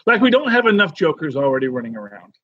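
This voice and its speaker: Man, podcast co-host, high voice, husky, rambling chat, dull lo-fi sound. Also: fast, no room sound. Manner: rambling, animated, many restarts. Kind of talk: casual chat.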